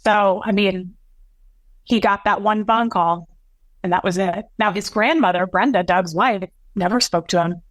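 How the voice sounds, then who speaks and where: A woman in her thirties, a podcast guest, telling an emotional personal story in an earnest, halting way, with many restarts and quoted dialogue. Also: medium pitch, no echo.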